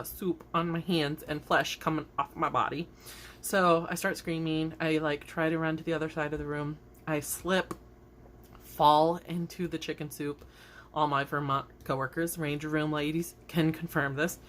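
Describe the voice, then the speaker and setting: A woman's voice: sits low, fairly even intonation, moderate pace, a bit bright, slight background noise. A young woman telling rambling, giggly stories straight to her camera in a casual vlog, with many "like"s. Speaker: vlogger. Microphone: camera facing her, seen on video.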